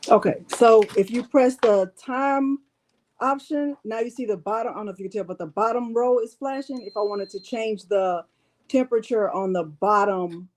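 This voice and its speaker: Woman, crafting livestream host, chatty, mellow dark tone, explains step by step. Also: on the high side, moderate pace. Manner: chatty, addresses viewers as y'all. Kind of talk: casual live demo chat.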